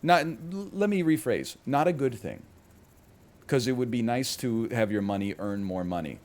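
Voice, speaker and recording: A man's voice: mid-range voice, lively intonation, moderate pace, a little mellow. A man streaming and chatting casually, rambling and joking at his own expense. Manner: rambling, self-deprecating, jokey voice bits. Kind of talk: casual chat while gaming.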